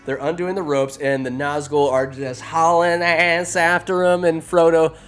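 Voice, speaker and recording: A man hosting a podcast, recapping a film in an animated, joking way, swearing and doing goofy character voices. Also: a little high, measured pace, smooth, faint music behind. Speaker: podcast host. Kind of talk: comedic movie recap. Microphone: phone.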